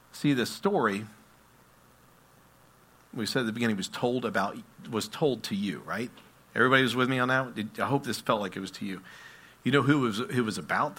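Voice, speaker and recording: A male pastor preaching a sermon, telling stories and acting out voices, swinging between loud and hushed. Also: mid-range voice. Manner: storytelling, animated, acts out voices, swings loud and soft.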